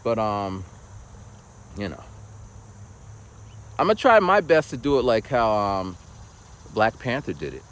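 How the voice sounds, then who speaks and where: A man's voice: fairly low pitch, very animated, slow, pauses often, rough recording. A man vlogging while walking outdoors, telling a casual story and acting out other people's voices. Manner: storytelling, acts out quoted voices.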